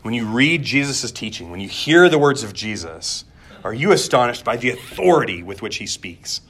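A man's voice: medium pitch, big pitch swings, normal speed, fairly bright tone, husky. A pastor preaching a sermon in a conversational way, repeating words as he goes and asking the room questions.

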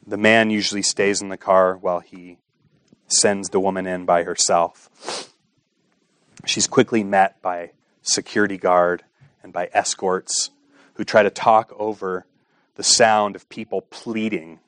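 A man's voice: sits low, steady tone, normal speed, clear, resonant tone, no echo. Impassioned preaching man, dry sound. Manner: impassioned preaching with rhetorical questions, swinging between hushed and raised. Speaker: pastor. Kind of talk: sermon.

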